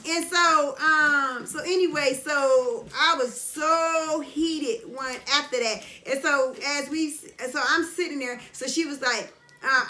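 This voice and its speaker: A middle-aged woman telling a story in an animated, casual way while getting her hair done, often checking whether the listener understands. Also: sits high, slow, echoey room. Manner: animated retelling, keeps asking "you understand?". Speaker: vlogger. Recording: busy background chatter.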